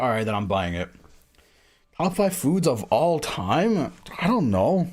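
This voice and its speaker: A man's voice: medium pitch, big pitch swings, unhurried, long pauses, slightly rough, faint music behind. A man streaming a game, chatting casually in a rambling, distracted way with lots of hesitation. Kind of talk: casual game-reading livestream chat.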